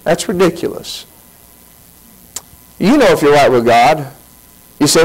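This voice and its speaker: A man preaching from the pulpit in a high, bright-sounding voice. He speaks animatedly, firing off rhetorical questions with sudden leaps in pitch. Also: huge pitch swings, measured pace, pauses often, slightly rough, rough recording. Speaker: pastor. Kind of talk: sermon.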